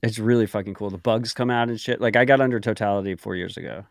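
A man's voice: on the low side, quick pace, gravelly, no echo, clean studio sound. A man co-hosting a podcast in casual chat, talking in a profane, rambling way full of fillers like "like" and "um". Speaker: podcast co-host.

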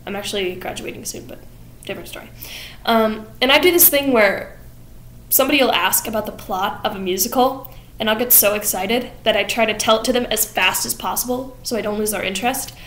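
Excited young woman rushing through a plot. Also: fairly high pitch, reverberant. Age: young adult. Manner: excited, rushed, rambling with fillers and laughs. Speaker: theater student vlogger. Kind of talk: fast plot recap vlog.

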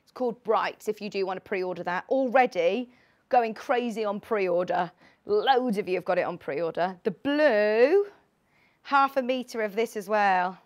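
A woman in her late twenties presenting a live sewing shopping show from a studio, chatty, bubbly and excitable. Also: mid-range voice, measured pace. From United Kingdom. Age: late 20s.

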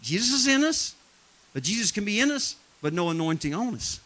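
A high-pitched man with a bright, piercing voice preaches in a church. He tells folksy stories, laughs at them, and swings between loud emphatic shouts and low, intense delivery. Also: big pitch swings, a little fast. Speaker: traveling preacher. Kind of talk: live sermon with storytelling. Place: church sanctuary.

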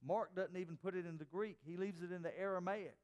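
A man preaching a sermon as pastor, dropping to soft, hushed tones for quoted words. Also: high-pitched, fairly quick, big-room sound. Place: church sanctuary.

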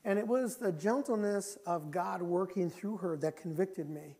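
A male pastor delivers a sermon with fervent, repetitive phrasing, driving certain lines home loudly and then dropping low when he speaks of his own life. His delivery is earnest and confessional. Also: moderate pace, slightly rough. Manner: impassioned, repetitive, swings between loud and soft.

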